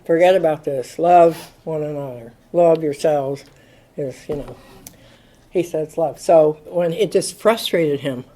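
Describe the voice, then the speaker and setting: A woman's voice: low-pitched, measured pace, low-quality recording. A woman in her sixties giving a recovery talk, telling stories with acted-out quotes and frequent laughter. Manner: animated storyteller, acts out quotes, laughs often. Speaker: AA speaker.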